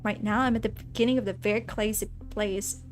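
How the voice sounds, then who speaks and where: A woman streaming a game, reading its text aloud in a playful, animated way and chatting with her viewers between the lines. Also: mid-range voice, brisk, faint music behind. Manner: animated, playful, reads narration with asides to chat.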